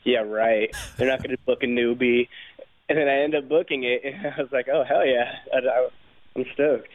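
A young male actor calling in to a radio show, talking in a relaxed, casual way with lots of fillers. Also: mid-range voice, normal speed, no echo. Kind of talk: phone interview. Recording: tinny phone line.

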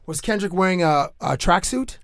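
A man hosting a podcast in a casual chat, his voice hoarse after losing it, talking in an animated, playful way. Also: sits high, moderate pace, no echo, clean studio sound. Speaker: podcast host.

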